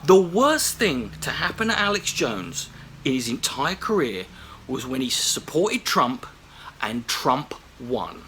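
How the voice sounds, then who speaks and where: A man's voice: mid-range voice, slow, a little hiss or hum. A man delivering sarcastic, profane comedy commentary as host of his own show. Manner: profane, mocking, animated.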